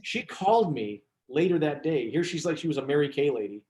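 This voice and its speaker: A man, a business coach, chatting as a guest and telling lively stories with asides and restarts. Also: on the high side, brisk. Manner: animated storyteller, frequent restarts and asides. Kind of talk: casual interview chat. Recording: roomy echo.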